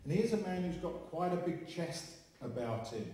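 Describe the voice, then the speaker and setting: A man's voice: a little high, animated, normal speed, warm tone. A man working as a spiritualist medium, chatty and joking with the audience during a live demonstration in a large hall. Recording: echoey hall from far off.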